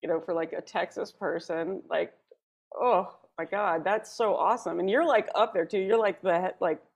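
A woman co-hosting a podcast, chatting in a rambling, giggly way with many halting restarts. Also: lowish voice, gravelly, slightly rough. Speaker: podcast co-host. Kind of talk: casual podcast chat.

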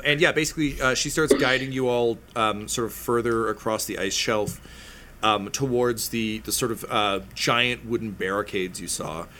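A man's voice: mid-range voice, sharp tone, slight background noise. A man narrating a tabletop game as game master, casual and rambling.

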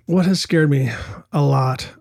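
A man's voice: fairly high pitch, a little slow, vocal fry, a little mellow. A middle-aged man, a former motocross champion, telling stories casually in an interview, with frequent restarts and acted quotes. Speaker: podcast guest, former motocross and off-road truck champion.

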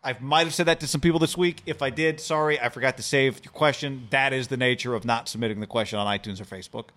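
A man co-hosting a sports podcast, reading ads and mailbag questions in a brisk, casual way. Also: mid-range voice, a bit bright. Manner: brisk, upbeat ad reads and loose banter. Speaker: podcast co-host.

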